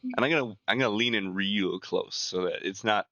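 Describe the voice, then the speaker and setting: A man's voice: fairly low pitch, a little fast, bright, forceful tone, muffled recording. A man playing a tabletop game, describing his character's actions in a rambling, filler-heavy way. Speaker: player.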